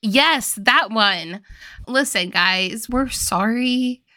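Bright-voiced woman, playful podcast banter. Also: a little high, very slow, dry recording, studio quality. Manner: playful, jokey, emphatic. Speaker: podcast co-host. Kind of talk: casual movie recap chat.

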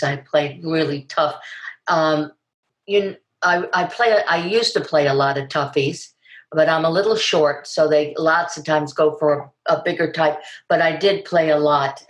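An older actress tells stories in a casual interview, bursting into acted-out quotes along the way. Her voice sits a little low. The room is noticeably echoey around her. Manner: animated storyteller, acts out quotes with big pitch jumps.

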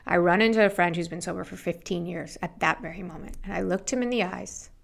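A middle-aged woman, an interview guest, telling her story with animated, acted-out quotes. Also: fairly low pitch, fast talker, vocal fry. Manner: animated, acts out quoted voices.

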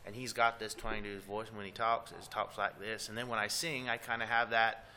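A man's voice: fairly low pitch, little pitch movement, sharp tone, slight background noise. A man in a band, guest on a podcast, chatting casually and easily, with frequent restarts. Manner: easygoing, talks in quick bursts with restarts. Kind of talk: casual interview chat.

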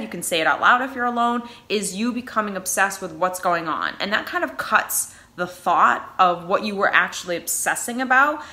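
Bright-voiced New England woman giving advice. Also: mid-range voice. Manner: conversational, earnest, frequent "you know" fillers. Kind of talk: casual advice talk on anxiety.

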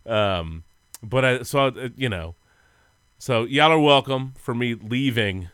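A man's voice: medium pitch, slow pace, a bit bright, clean tone, no room sound, studio quality. A man co-hosting a sports podcast, telling rambling, goofy stories in casual chat and laughing often. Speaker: podcast co-host.

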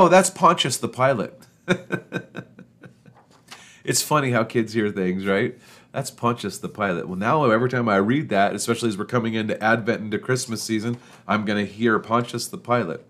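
A man's voice: on the low side, a bit bright. A man hosting a podcast for pastors, telling funny church stories in a casual, chatty way and laughing at his own jokes. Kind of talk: casual storytelling talk.

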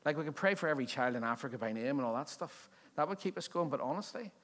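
A man's voice: a little high, lively intonation, fast talker, fairly bright tone. A male pastor preaching a sermon in a conversational, joking way, often asking the congregation questions. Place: church service before a congregation.

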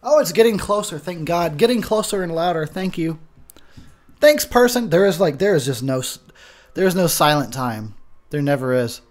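Man, home mic, rambling profane movie-commentary host, a touch high. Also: brisk. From Texas. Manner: rambling, swearing, frustrated ranting. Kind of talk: drunk casual movie commentary. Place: home room near a window. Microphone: home recording mic.

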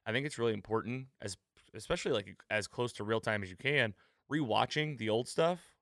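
A man's voice: medium pitch, a little fast, fairly bright tone, dry recording, clean studio sound. A man hosting a podcast, talking casually and rambling a bit, with frequent fillers and restarts. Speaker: podcast host.

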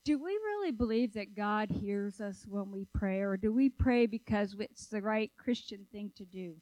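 A woman preaching a sermon, telling stories in a lively, conversational way and asking the audience questions. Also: mid-range voice, normal speed, no echo, rough recording. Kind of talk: sermon with storytelling.

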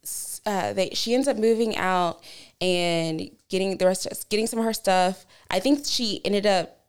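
A woman's voice: medium pitch, moderate pace, smooth. A woman in her twenties, a podcast co-host who tells a meandering story casually, with lots of fillers and some swearing.

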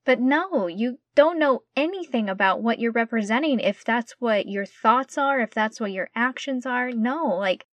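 A woman's voice: on the high side, animated, normal speed, hardly any pauses, dry recording. Emphatic young woman, dry close sound. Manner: emphatic, outraged, repeats herself. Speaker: podcast co-host. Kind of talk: casual chat.

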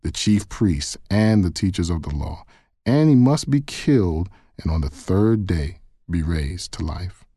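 A man reading the words of Jesus, a calm, authoritative male teacher, in a solemn, earnest way. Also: low-pitched, unhurried, breathy edge, no echo, studio quality, heavily acted.

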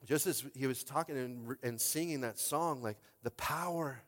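A male pastor delivers a sermon in a loose, conversational way, calling out to his listeners and checking that they are with him. He climbs to shouted peaks, then drops to near-hushed lines. His voice rings with the long reverb of a big hall. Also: medium pitch, brisk. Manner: swings from loud exhortation to hushed speech; conversational, asks the crowd for response.

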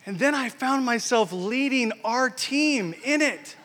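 A man giving a sermon as a guest preacher, telling a story in an animated way that swings between loud and hushed. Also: very high voice, unhurried. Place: church. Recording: church hall reverb.

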